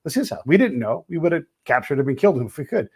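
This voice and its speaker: A man's voice: on the high side, big pitch swings, racing, gravelly, slightly rough. A man hosting a podcast who talks in a blunt, casual way, swears freely and acts out the people he quotes. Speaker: podcast host.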